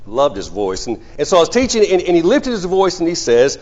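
A man's voice: fairly high pitch, huge pitch swings, brisk, hardly any pauses, darkish tone. A man preaching a sermon in a conversational storytelling way, often restarting his sentences. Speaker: pastor. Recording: muffled sound in a reverberant hall.

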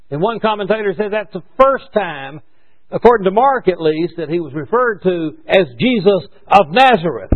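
A man's voice: high-pitched, very animated, moderate pace. A man preaching a sermon in a conversational way, asking rhetorical questions and correcting himself as he goes. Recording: dull lo-fi recording.

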